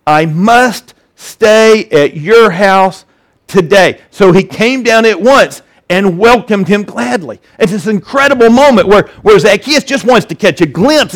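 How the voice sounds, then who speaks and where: A high-voiced male pastor preaching in a lively, conversational way. He acts out the voices in the story with animation, and he often stumbles and restarts his sentences. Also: measured pace. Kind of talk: sermon.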